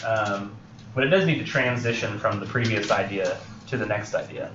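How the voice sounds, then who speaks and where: A man's voice: fairly low pitch, moderate pace, music in the background. Rambling male writing instructor in a classroom. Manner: rambling, filler-heavy, acts out film scenes. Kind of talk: classroom lecture. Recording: roomy, dull lo-fi classroom recording.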